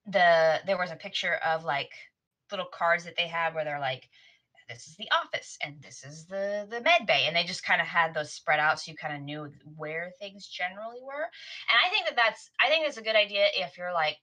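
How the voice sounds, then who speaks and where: Bright, rambling woman game master. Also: lowish voice, a little fast. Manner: rambling, many restarts and laughs. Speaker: podcast co-host and game master. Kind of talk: casual chat.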